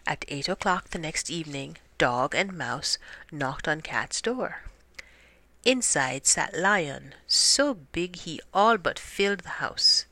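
A woman reading a children's storybook aloud in a measured, expressive way. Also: sits low, dry recording.

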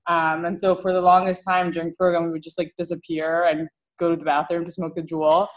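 A woman's voice: fairly low pitch, level tone, brisk, poor audio. A young woman, a podcast guest, rambling giggly through a story. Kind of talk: casual chat.

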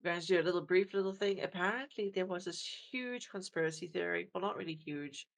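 A woman with a gravelly edge to her voice, co-hosting a podcast. She rambles through her explanations in a casual, self-deprecating way, with plenty of fillers and restarts. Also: lowish voice, fast talker. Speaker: podcast co-host. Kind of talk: casual chat.

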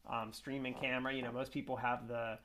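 An upbeat man chats to a webcam at his desk in a loose, rambling vlog. He strings thoughts together with fillers and keeps circling back to fix his own sentences. His voice is mid-pitched and his manner is casual. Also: little pitch movement, fairly quick, pushed and bright, a little hiss or hum. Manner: rambling, upbeat, lots of fillers and self-corrections. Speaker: esports coach and vlogger. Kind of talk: casual vlog talk to camera.

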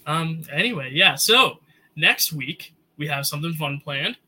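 Young male co-host, slightly high and bright voice, loose chatty movie talk. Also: lively intonation, slightly rough, poor audio. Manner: chatty, quick asides, lots of "like". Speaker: podcast co-host. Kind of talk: casual movie review chat.

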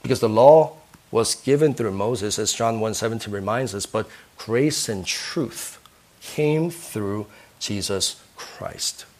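A man's voice: lowish voice, slow, darkish tone. A man preaching a sermon as a pastor, earnest, who keeps asking his listeners questions and ending points with "right?".

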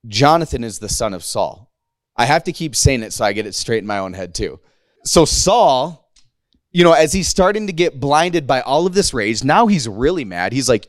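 A man in his thirties preaching in a loose, conversational way, full of slang and playful acted-out quotes. His voice sits at a middle pitch. The sound is dry and close, with little room in it. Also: sing-song, normal speed, dry recording. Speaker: pastor. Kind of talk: casual conversational sermon.

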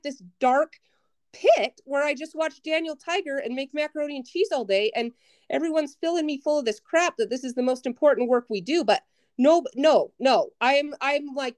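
A woman's voice: high voice, no room sound. A woman in her thirties, a podcast guest, casually telling self-mocking stories and acting out her own past lines. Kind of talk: casual storytelling chat.

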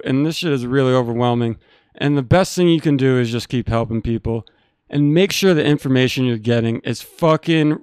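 A man's voice: a little high, clear, resonant tone, no room sound, clean studio sound. A man hosting a live stream, talking in a blunt, earnest, profane way to his viewers. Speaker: stream host. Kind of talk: casual chat.

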